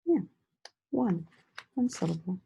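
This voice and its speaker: A woman teacher giving a slow, sing-song lesson to young children, stretching out words and praising them often. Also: mid-range voice, expressive, gravelly, mellow, muffled recording, a little hiss or hum. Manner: encouraging, drawn-out words with frequent praise.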